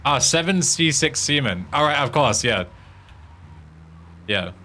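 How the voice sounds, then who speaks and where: A man's voice: medium pitch, lively intonation, measured pace, pushed and bright. A young British man with a British accent, chatting casually and swearing a lot while streaming a game and stumbling through foreign tongue twisters. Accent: British English. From Britain. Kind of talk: casual gaming stream chat.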